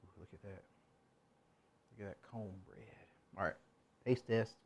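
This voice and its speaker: A man's voice: fairly low pitch, steady tone, a little slow, vocal fry, a little mellow, slightly rough. A man streaming himself cooking in a home kitchen, chatting casually and rambling to himself as he works.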